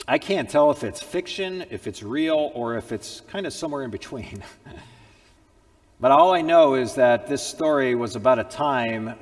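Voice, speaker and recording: A male preacher delivers a storytelling sermon at an unhurried, deliberate pace. He moves from booming declarations to near-whispers. A long hall reverb trails his words. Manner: dramatic, swings from loud proclamations to hushed tones.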